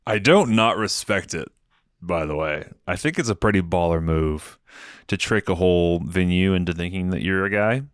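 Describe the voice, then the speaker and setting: A man's voice: deep voice, lively intonation, moderate pace, clear, resonant tone, no room sound. A man hosting a comedy podcast, rambling through a casual, profane, sardonic monologue into a close mic. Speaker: podcast host.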